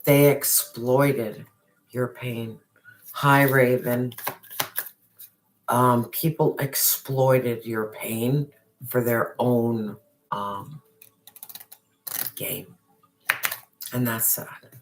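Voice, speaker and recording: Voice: medium pitch, steady tone, extremely slow, pauses often, a little hiss or hum. A tarot reader giving an intense, emphatic reading to a viewer, with slangy address and swearing, sometimes dropping to a whisper. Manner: drops to a whisper on some phrases.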